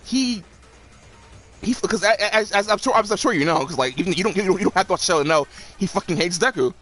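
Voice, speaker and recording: A man's voice: sits high, lively intonation, fast, fairly bright tone, soft background music. A young man streaming a game, rambling profanely with lots of restarts and laughs. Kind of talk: casual commentary while gaming.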